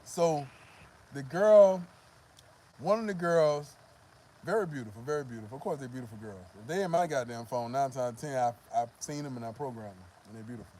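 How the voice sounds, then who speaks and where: Mellow-voiced man telling a rambling story. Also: medium pitch, animated, a little fast. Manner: profane, rambling, full of "you know what I mean". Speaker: vlogger. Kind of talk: casual storytelling to camera.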